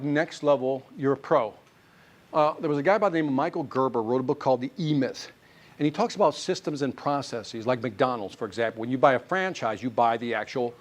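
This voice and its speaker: Guy running a sales seminar, pitch jumps all over, keeps tossing questions at the room. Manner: animated, quizzes the audience with quick questions. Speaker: sales trainer. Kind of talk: live sales seminar talk. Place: training classroom with a live audience.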